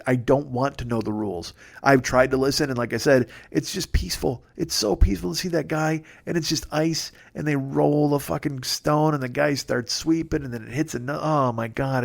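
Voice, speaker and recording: A man's voice: medium pitch, vocal fry. Rambling, profane male comedian. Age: 40s. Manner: rambling, profane, laughs at his own jokes. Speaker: comedian host. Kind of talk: solo comedy monologue.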